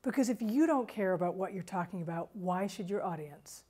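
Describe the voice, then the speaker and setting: A woman giving an instructional talk on vocal delivery, demonstrating tips with a varied pitch and pace. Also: animated, a little fast, dark tone, husky. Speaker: writing center instructor.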